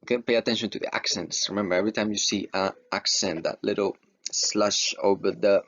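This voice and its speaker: A man's voice: lowish voice, steady tone, fairly quick, fairly bright tone. A man teaching grammar over slides, explaining patiently and checking in with "okay" as he goes. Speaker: Spanish teacher. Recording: dull lo-fi voice recording with faint noise.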